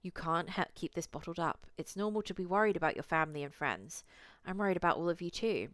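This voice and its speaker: Low-voiced woman reading a visual novel. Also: animated, quick pace, hardly any pauses, a bit bright, dry recording. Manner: chatty, reacts to the story with cursing asides. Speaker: streamer.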